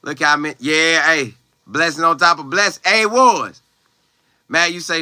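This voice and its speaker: A man's voice: a little high, unhurried, pushed and bright, clean tone, dry recording, studio quality. Young man chatting loosely on a livestream. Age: young adult. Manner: loose, slangy, chatty, with exclamations. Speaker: college football player livestreaming. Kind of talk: casual live chat, reading viewer comments aloud.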